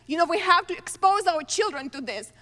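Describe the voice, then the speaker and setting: An immigrant woman with a foreign accent giving an earnest, halting floor speech in a legislative chamber. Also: very high voice, lively intonation, bright, forceful tone. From abroad. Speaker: congresswoman. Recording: long reverb of a large chamber.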